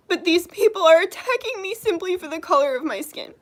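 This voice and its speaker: A young woman hosting her channel, crying as she speaks, hurt and indignant, with halting restarts. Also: very high voice, expressive, a bit bright. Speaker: channel host. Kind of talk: emotional livestream vlog.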